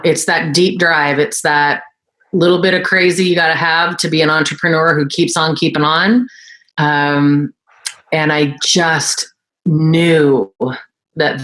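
Low-voiced woman telling her story. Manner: animated, acts out quoted voices in a high pitch. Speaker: guest, esthetician and entrepreneur. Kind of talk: casual interview storytelling.

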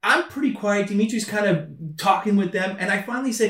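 A man co-hosting a podcast, casually chatting and telling animated stories, acting out what people said. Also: sits high, brisk. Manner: animated storyteller, acts out quotes. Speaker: podcast co-host. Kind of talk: casual chat, storytelling. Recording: echoey room, distant mic.

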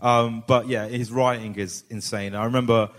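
A man's voice: medium pitch, fairly even intonation, moderate pace. A man who is a guest on a live podcast, telling stories casually with frequent laughter, swearing and self-mockery. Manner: laughs often, swears freely, loose and self-mocking. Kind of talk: casual storytelling chat. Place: theatre stage with live audience. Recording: reverberant live theatre sound.

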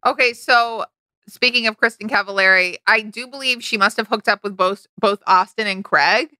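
A woman's voice: medium pitch, moderate pace, pushed and bright, no room sound. Young woman with dry sarcastic quips. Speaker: podcast co-host. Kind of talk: casual chat.

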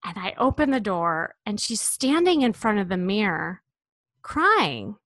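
A middle-aged woman, a personal stylist, telling a story about a client in a lively way, acting out the dialogue. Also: medium pitch, a little slow, dry recording. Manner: lively, acts out dialogue in quotes.

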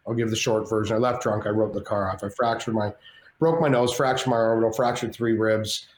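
A man guest on a podcast, telling a personal story in casual chat, animated and swearing freely, acting out the voices of others. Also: fairly low pitch, a little fast, a little hiss or hum. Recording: roomy echo with faint ambience.

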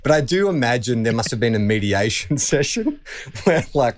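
An Australian man hosting a casual podcast, chatty and quick to laugh as he tells his stories. His voice sits at a middling pitch, and he jumps higher when he acts out what other people said. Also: big pitch swings. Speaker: podcast host.

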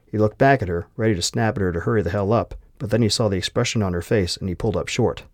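A man reading a novel aloud with steady, measured storytelling. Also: lowish voice, dry recording, studio quality. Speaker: narrator. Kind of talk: scripted audiobook narration.

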